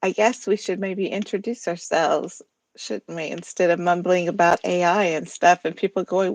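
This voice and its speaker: A woman's voice: on the low side, steady tone, normal speed, no room sound. An American woman with a slight Southern drawl co-hosting a poetry livestream, chatty and giggly as she reads out viewer comments. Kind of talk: casual chat.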